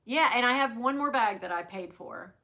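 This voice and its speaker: A woman's voice: fairly high pitch, animated, moderate pace, gravelly, pushed and bright. A middle-aged woman hosting a livestream, chatting candidly with viewers and swearing freely. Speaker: luxury handbag livestream host. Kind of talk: casual livestream chat.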